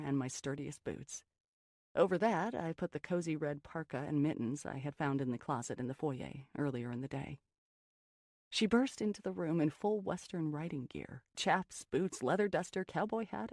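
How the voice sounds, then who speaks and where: An expressive audiobook narrator tells a first-person gothic story with a lively, rising and falling delivery. The voice is gravelly and husky with creaky edges. It is recorded close and dry, with no room sound. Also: medium pitch, no room sound. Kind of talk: scripted narration.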